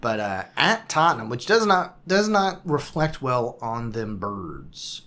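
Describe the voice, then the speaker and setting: A man's voice: medium pitch, sing-song, unhurried, bright, forceful tone. A man co-hosting a casual football podcast, chatting in a wry, self-deprecating way about his team's results. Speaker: podcast co-host. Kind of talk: casual sports chat.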